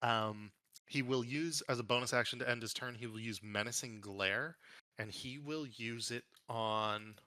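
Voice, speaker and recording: A man's voice: medium pitch, unhurried, sharp tone, no room sound. A man running a tabletop game as game master, thinking aloud in a casual, hesitant way.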